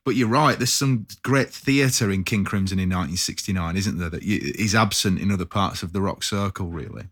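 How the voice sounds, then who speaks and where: Low-voiced casual male host. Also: a bit bright, no echo, clean studio sound. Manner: casual, laughs along, halting restarts. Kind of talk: casual chat.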